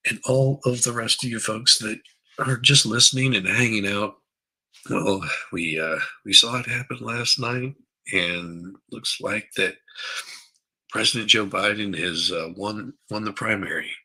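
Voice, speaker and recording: A man's voice: fairly low pitch, unhurried, bright, forceful tone, breathy edge, low-quality recording. A groggy man hosting a casual morning livestream from his basement on a headset, rambling, repeating words and greeting viewers by name. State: groggy after a late night. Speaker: livestream host. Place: basement room at home.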